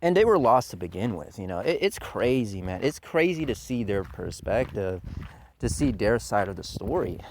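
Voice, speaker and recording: A man's voice: on the low side, very animated, moderate pace, slight background noise. A man hosting a commentary channel, delivering a heated, profane rant and mocking his critics in put-on voices. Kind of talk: ranting commentary monologue.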